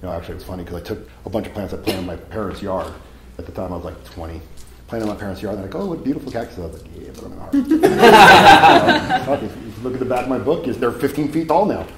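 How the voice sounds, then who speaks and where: Fast-talking low-voiced man giving a seminar. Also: reverberant, noisy background. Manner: casual, profane, storytelling. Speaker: seminar speaker. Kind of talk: live seminar talk to an audience. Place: talk venue with audience.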